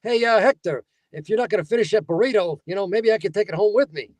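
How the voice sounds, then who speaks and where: A man's voice: high-pitched, fast, darkish tone, no echo, voice pushed up, lightly acted. A man voicing a lazy male moocher who hangs around a store and angles for other people's food, asking in a hesitant, wheedling way. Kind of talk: comic voice impression in conversation.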